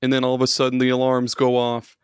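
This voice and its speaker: Young guy podcast host, swears a lot, goes shrill for bits, dry close mic. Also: fast talker, clear, resonant tone, no echo. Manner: profane, animated storyteller with shrieking bits. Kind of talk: casual comedic banter.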